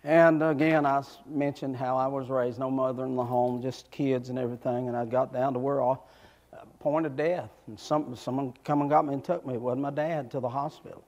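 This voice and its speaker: A man preaching a sermon, with fervent shouts and folksy asides to the congregation. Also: mid-range voice, steady tone, a little fast, lo-fi sound.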